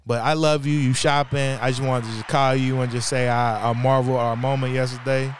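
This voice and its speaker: A man's voice: medium pitch, flat delivery, brisk, a little hiss or hum. A man co-hosting a casual podcast, talking in a laid-back, slangy and heartfelt way. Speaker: podcast co-host. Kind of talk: casual chat.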